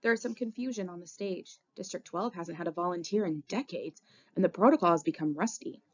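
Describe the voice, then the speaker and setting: A woman narrating a novel in the first person with expressive, dramatic reading, on a dull lo-fi recording. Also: on the low side, brisk. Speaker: audiobook reader. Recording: dull lo-fi audio.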